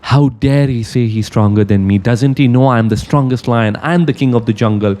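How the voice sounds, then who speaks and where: A man's voice: mid-range voice, moderate pace, a little mellow, natural voice. A man voicing a proud, hot-tempered male lion king who bursts out boastfully in a storytelling talk. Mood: outraged. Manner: indignant, boastful outbursts.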